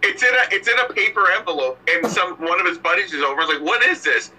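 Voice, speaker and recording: Man, podcast guest, husky, bright edge, halting anecdote. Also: high voice, expressive, rough recording. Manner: halting anecdote telling, restarts. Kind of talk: casual podcast chat.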